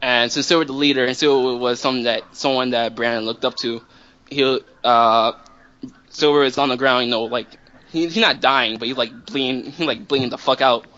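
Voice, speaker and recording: Man, casual storyteller, swears a lot, keeps restarting, tense bright tone, muffled recording. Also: medium pitch, fairly even intonation, brisk. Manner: rambling, profane, many restarts. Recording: dull lo-fi recording.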